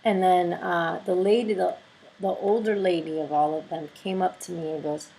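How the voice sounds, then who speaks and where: Give me a woman vlogger telling a story with gushing excitement. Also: on the low side, moderate pace, creaky, low-quality recording. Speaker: video blogger. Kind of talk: casual storytelling vlog.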